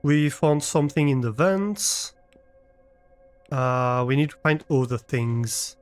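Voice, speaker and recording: This man talks with viewers while live-streaming a game from his room, thinking out loud as he goes. His mid-range voice has a clean tone and a slow pace, and faint music plays behind him.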